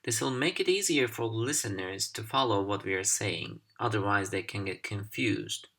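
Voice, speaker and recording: A man whose first language is Turkish, teaching a recorded English pronunciation lesson in a deliberate, clearly articulated manner. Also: lowish voice, a bit bright. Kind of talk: instructional video lesson.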